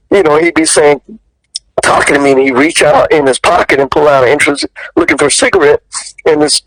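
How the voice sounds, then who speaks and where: Gravelly actor guy telling a wild story, cusses a lot, dry close sound. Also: no room sound, poor audio. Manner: lively, profane, leaps high when quoting people. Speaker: guest actor. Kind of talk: animated storytelling in an interview.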